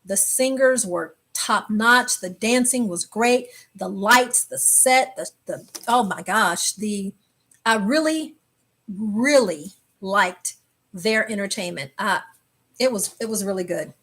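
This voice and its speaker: A woman's voice: mid-range voice, slow pace. A woman hosting a travel live stream, telling a story casually and animatedly, acting out what people said. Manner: animated, exclaims and acts out quotes. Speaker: travel channel host.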